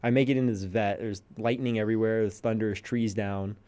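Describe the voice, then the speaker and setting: Low-voiced young man telling a story. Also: a little fast, clean tone. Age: young adult. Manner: animated storyteller, acts out quotes. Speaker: podcast guest. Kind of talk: casual storytelling chat.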